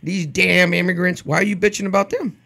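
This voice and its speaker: A man's voice: sits high, fairly even intonation, fairly quick, gravelly, bright, forceful tone. A middle-aged man in casual podcast chat, blunt and heavy on swearing while telling stories. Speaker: podcast co-host.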